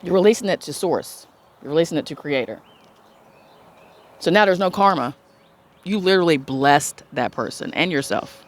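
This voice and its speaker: A woman talks to her viewers in a casual spiritual pep talk. She is blunt and emphatic and swears freely. She acts out the voices she quotes, then slows down for soft, drawn-out blessings. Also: low voice, lively intonation. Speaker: spiritual self-love vlogger.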